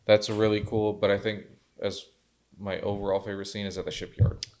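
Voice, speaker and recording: A man co-hosting a podcast, giving his opinions on films in laid-back casual chat with many quick agreements. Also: fairly low pitch, level tone, darkish tone. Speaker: podcast co-host. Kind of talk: casual movie review chat.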